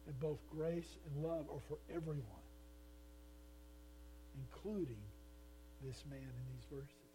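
An earnest male pastor preaches with emphasis, putting questions to his listeners. His voice is somewhat high yet mellow and warm, with a faint mains hum under the recording. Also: poor audio. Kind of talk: sermon.

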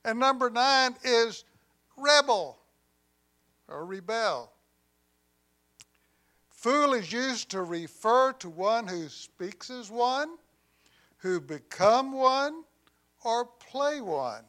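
A man delivering a sermon in a high voice at an unhurried, deliberate pace. He swings from loud emphasis down to hushed, quiet lines and slips in humorous asides along the way. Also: animated. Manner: deliberate preaching with dramatic swings in volume, dropping to near quiet on key lines. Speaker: pastor.

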